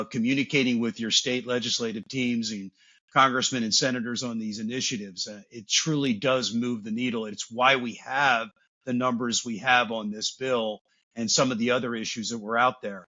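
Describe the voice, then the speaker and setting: Bright-voiced man hosting, dull lo-fi sound. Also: medium pitch. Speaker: podcast co-host. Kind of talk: casual podcast hosting.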